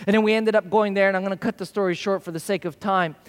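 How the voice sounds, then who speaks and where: A man's voice: sits high, fast, few pauses. A man preaching a sermon, telling stories and acting out the voices of the people in them. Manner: storytelling, acts out quoted voices. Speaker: pastor. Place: church service hall. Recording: church hall reverb.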